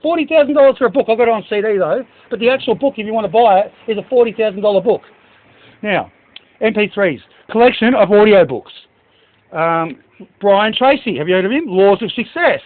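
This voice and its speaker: A man with a very high voice talks in an agitated, rambling way, swearing and listing book titles. The sound is thin and tinny, like a phone line. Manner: reads out list of book titles. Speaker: speaker addressing staff. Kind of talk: agitated monologue.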